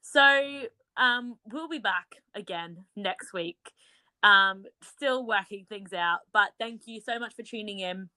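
A young woman with an Australian accent softened by a British twang, co-hosting a podcast in giggly, casual chat full of "like". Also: medium pitch, takes it slowly. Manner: chatty, giggly, lots of "like". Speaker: podcast co-host.

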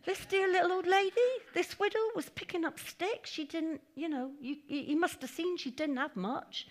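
A woman's voice: high-pitched, normal speed, few pauses. A woman giving a conversational sermon at a church meeting, with chatty asides and acted-out quotes. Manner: chatty, animated, laughing asides, acting out quotes. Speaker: preacher.

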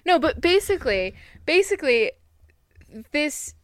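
A woman chatting casually as a podcast co-host, rambling and animated, with lots of fillers and laughter. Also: sits high, measured pace, no room sound, clean studio sound.

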